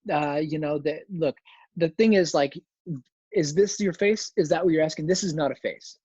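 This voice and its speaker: A man hosting a livestream Q&A, answering questions with deadpan absurd humor. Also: on the high side, normal speed, slightly rough, no room sound, highs cut off. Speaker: host. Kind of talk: livestream Q&A chat.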